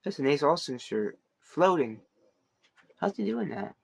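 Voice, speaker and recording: A man's voice: on the high side, big pitch swings, a little slow, vocal fry, husky, no room sound. A man hosting a wrestling podcast, giving a casual, rambling recap full of fillers, restarts and playful asides.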